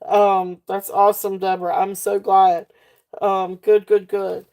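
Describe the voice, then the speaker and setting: A woman's voice: mid-range voice, flat delivery, a little slow, gravelly, a little mellow. A woman hosting a casual live jewelry sale, chatty and laughing often, with many fillers and restarts. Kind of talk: casual live-stream sales chat.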